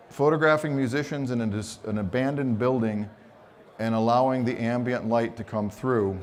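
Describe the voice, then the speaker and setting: Expressive man giving a photography talk. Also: mid-range voice. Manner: expressive storyteller, acts out quotes, teasing humor. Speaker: photography seminar speaker. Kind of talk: animated live seminar talk. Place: conference stage.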